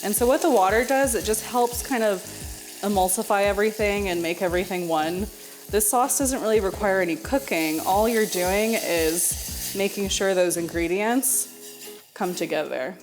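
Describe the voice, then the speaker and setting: A woman's voice: medium pitch, moderate pace, soft background music. A young woman hosting a home cooking video, talking straight to the viewer in a friendly, chatty way. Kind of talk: casual cooking demonstration.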